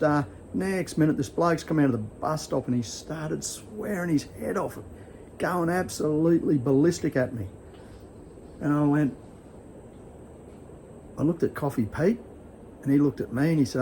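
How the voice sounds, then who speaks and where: A man's voice: fairly high pitch, moderate pace, long pauses, dark tone, a little hiss or hum, rough recording. An older Australian man telling a rambling story to camera at home, with many fillers and restarts. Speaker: vlogger. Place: at home sitting with his dogs.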